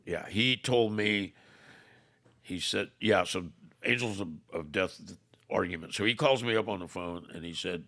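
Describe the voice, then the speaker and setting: An older man, a podcast guest, telling a story by acting out both sides of an old argument, with halting restarts. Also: deep voice, gravelly, bright, forceful tone. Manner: retells arguments through quoted dialogue, "I said", "I go". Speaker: podcast guest, former motorcycle club leader. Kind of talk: storytelling in conversation.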